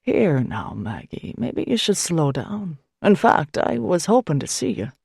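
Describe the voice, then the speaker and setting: A woman voicing a patient, kindly male priest who talks warmly and gently. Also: lowish voice, very animated, gravelly, husky, no echo, clean studio sound, full character voice. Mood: gentle. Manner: warm, patient, slow.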